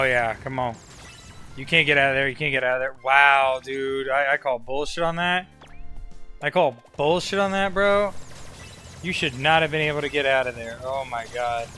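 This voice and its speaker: A man's voice: mid-range voice, pushed and bright. A young man casually commenting while streaming a game, loose and profane, rambling with lots of filler words.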